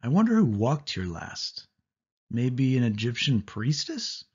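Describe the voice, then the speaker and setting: A man's voice: medium pitch, wildly swooping pitch, a little slow, darkish tone, breathy edge, full character voice. Man doing a wary young boy. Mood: anxious. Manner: anxious, protesting. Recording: dull lo-fi audio.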